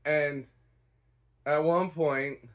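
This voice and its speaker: A man's voice: fairly high pitch, steady tone, drawn-out words. A man giving a casual spoken review of a stage play, rambling and hedging with a dry, unimpressed tone. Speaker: theatre reviewer.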